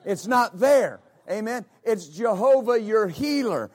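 A man's voice: high-pitched, expressive, unhurried, a little mellow. A male pastor preaching a sermon, emphatic and repetitive, often calling out amen. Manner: emphatic, repeats words, calls out amen.

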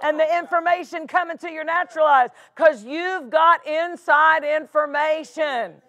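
A woman's voice: high-pitched, unhurried, a bit bright, dry recording. A woman pastor preaching a sermon, emphatic and repeating phrases for stress.

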